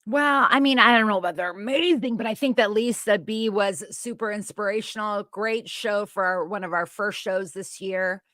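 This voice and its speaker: A woman's voice: mid-range voice, moderate pace, hardly any pauses, fairly bright tone, dry recording, clean studio sound. A woman co-hosting a show, chatting in a bubbly way and rambling through her questions. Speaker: co-host. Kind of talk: casual interview chat.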